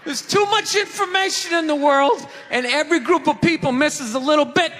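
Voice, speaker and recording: A man doing a stand-up set on a theater stage, ranting in a loud, exasperated way into a handheld mic. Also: very high voice, normal speed. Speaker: stand-up comedian. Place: theater stage before a live audience. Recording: live theater recording with audience noise and reverb.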